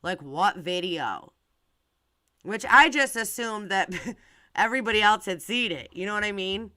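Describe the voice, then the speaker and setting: In a clear, resonant, medium-pitched voice that's bright and forceful, a woman talks to her channel's viewers at a normal speed. Her live-stream commentary is casual and rambling, packed with fillers and restarts, with no echo.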